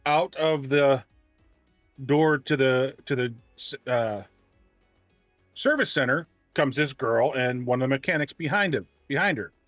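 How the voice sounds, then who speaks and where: A man casually telling a long story on a livestream, ranting and animated, often restarting his sentences. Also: mid-range voice, a little slow, pauses often, no room sound, faint music behind.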